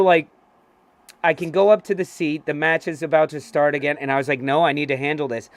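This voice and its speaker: A man co-hosting a casual fan talk show, telling stories excitedly, swearing freely and acting out what people said. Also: a little high, smooth, no room sound. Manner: excitable, swears freely, acts out quoted voices. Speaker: co-host. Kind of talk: casual chat, animated storytelling.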